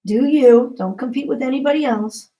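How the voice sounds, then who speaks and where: Woman, yoga teacher, gently encouraging, slightly high voice, guided class cues. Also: moderate pace, rough recording. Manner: calm and encouraging, step-by-step cues. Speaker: yoga instructor.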